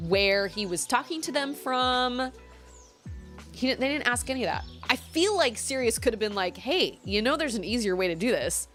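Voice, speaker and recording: A young woman gaming streamer chats casually as she plays, thinking aloud and laughing easily, in a mid-range voice that's a bit bright.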